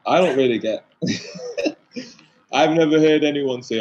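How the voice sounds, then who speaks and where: A man's voice: mid-range voice, lively intonation, normal speed, crowd noise. A man with a Mancunian accent, a guest chatting in a laid-back way at a live podcast. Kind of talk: casual chat at a live podcast. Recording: dull lo-fi sound with faint noise.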